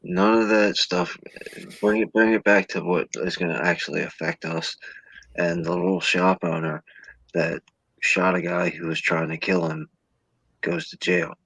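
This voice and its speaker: Deep gravelly man ranting. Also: steady tone, measured pace, fairly bright tone, no room sound, low-quality recording. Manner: ranting, sarcastic mock voices. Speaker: podcast guest. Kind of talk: casual political chat.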